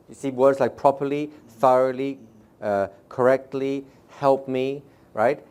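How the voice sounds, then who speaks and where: A man teaching a live seminar audience. He talks in a brisk, conversational way, checks in with the room often, and sometimes slows right down to show a point. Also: mid-range voice, fairly even intonation, a little mellow, clear, resonant tone. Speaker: seminar trainer.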